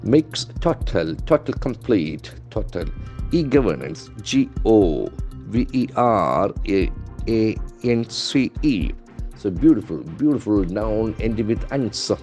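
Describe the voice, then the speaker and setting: Low-voiced trainer, methodical. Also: male voice, sing-song, slow, a little mellow, faint music behind. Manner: methodical, spells words out letter by letter, keeps calling words beautiful. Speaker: English language trainer. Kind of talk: lesson.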